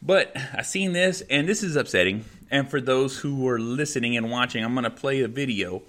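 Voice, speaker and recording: A man's voice: medium pitch, moderate pace, a bit bright. A man hosting a podcast, ranting angrily and profanely as he reacts to a news clip. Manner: angry, profane, repetitive ranting. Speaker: podcast host.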